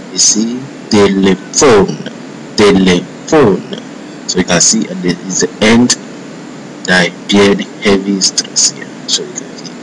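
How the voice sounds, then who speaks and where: A man teaching a French lesson, reading out example words slowly and saying each one twice as he points to his slides. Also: low-pitched, fairly bright tone, slight background noise, rough recording. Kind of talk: slow spoken lesson with repeated example words.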